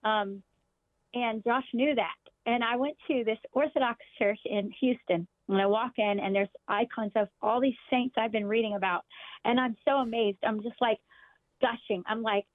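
A woman's voice: on the high side, normal speed, dry recording. A woman guest telling a story animatedly, laughing often as she recounts it. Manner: animated, laughing, excited retelling. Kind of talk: casual storytelling chat. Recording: tinny phone-like call audio.

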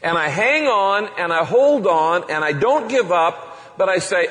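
Male pastor, lively sermon delivery, slightly high voice, reverb of a hall. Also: unhurried, few pauses. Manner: animated, acts out passionate prayers.

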